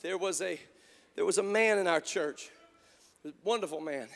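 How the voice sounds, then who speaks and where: A man preaching a sermon, moving between quiet storytelling and shouted, impassioned calls. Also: high-pitched, normal speed, vocal fry, big-room sound, faint music behind. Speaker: pastor. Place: church.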